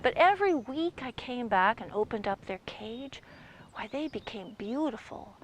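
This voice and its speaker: Woman storyteller, lively swooping delivery, highish pitch, faint background noise. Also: rough recording. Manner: animated, playful, with sound effects. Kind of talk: oral storytelling performance.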